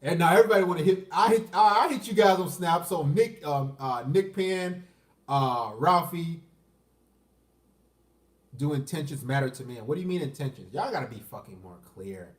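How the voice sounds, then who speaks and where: A man's voice: on the high side, lively intonation, normal speed, recorded from a distance. A man, ranting crudely on a livestream and answering chat questions. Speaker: dating commentary streamer. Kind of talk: unscripted livestream rant. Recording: roomy echo, off the mic.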